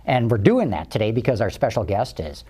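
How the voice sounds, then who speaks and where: Lively Midwestern man hosting a talk show. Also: lowish voice, fairly quick, husky. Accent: Midwestern American. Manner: breezy, conversational. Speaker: host.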